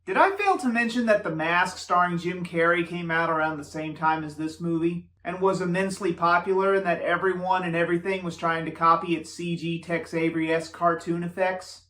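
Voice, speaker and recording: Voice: medium pitch, fairly even intonation, fairly quick, hardly any pauses, fairly bright tone. A show reviewer giving casual commentary, sarcastic and prone to ranting.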